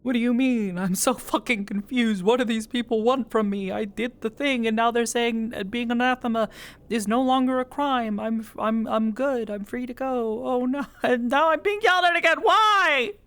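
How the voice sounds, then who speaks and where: A storyteller voicing a confused young woman prisoner who pleads in a high voice during a recounted role-play scene. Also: normal speed, a bit bright, smooth, natural voice. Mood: bewildered.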